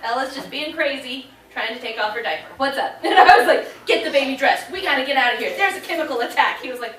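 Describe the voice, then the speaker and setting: A woman in her thirties telling a lively story to a convention audience, laughing and acting out what people said. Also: sits high, quick pace, few pauses. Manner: animated, laughing, acting out quotes. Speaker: convention panel guest. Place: convention panel room. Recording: echoey room, voice from far off.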